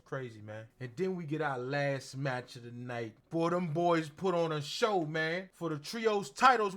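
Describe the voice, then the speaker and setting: A man's voice: on the high side, a bit bright. A man giving a casual, slangy recap of a wrestling show as host, acting out quotes in exaggerated voices.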